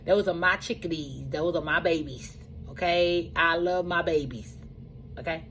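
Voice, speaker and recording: A woman who runs a truck driving school tells her own story in a casual, animated way, repeating phrases for emphasis. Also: on the low side, a little slow, a little hiss or hum, poor audio.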